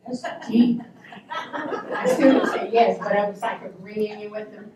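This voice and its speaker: A woman in her sixties telling a personal story to a luncheon crowd, animated and emphatic with laughing asides. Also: mid-range voice, measured pace, highs cut off, noisy background. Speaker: panel guest. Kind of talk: anecdotal storytelling. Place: hotel luncheon room. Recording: echoey room, speaker far from mic.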